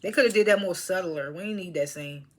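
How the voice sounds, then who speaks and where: A young woman with a fairly low-pitched voice talks fast as she recaps a TV episode. She's chewing snacks throughout this casual monologue, laughing often and stringing her thoughts along with fillers.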